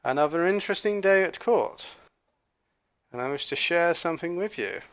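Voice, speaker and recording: A man with a fairly high voice recounts an encounter straight to camera. He rambles, stops to restart his sentences, pads with fillers and throws in pointed asides. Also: expressive, normal speed. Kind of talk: casual storytelling to camera.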